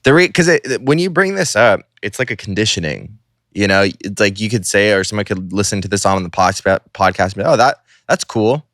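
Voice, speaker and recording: Low-voiced man in loose podcast banter. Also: a little fast, fairly bright tone, dry recording, studio quality. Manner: loose, swearing, laughs easily. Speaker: podcast co-host. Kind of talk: casual podcast chat.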